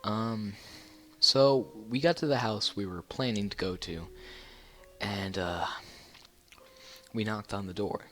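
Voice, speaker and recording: A man's voice: on the low side, slow pace, fairly bright tone, faint music behind. A man telling a personal story in a casual storytime vlog, rambling with many fillers and restarts. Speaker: YouTuber.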